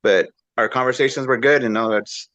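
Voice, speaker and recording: A man recently out of prison, talking haltingly and emotionally about his family in a support group. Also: medium pitch, steady tone, a bit bright, no room sound. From East Los Angeles. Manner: halting, tearful, with fillers. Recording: dull lo-fi audio.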